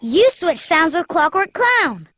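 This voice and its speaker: A woman's voice: very high voice, very animated, takes it slowly, soft background music, full character voice. Noddy, a chirpy cartoon boy. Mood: eager. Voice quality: bright, chirpy, childlike. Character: cheerful little wooden boy, helpful and eager. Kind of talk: cartoon voice acting.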